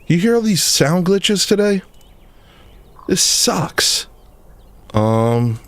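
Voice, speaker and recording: A man's voice: sits high, very animated, drawn-out words. A man hosting a casual comedy livestream, rambling and joking while reacting to chat. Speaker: livestream host.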